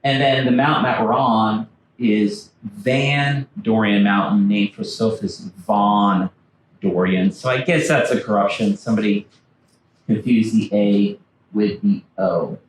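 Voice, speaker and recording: In a library meeting room, a man who writes books and once worked as a backcountry ranger gives a storytelling slide talk, acting out the historical figures he quotes. His voice sits on the low side, with fairly even intonation and a measured pace. The recording is echoey and distant, with slight background noise.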